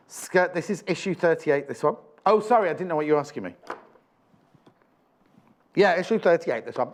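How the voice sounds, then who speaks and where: Man, higher voice, shopping channel host, chatty, enthusiastic, rambling. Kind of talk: live TV sales presentation.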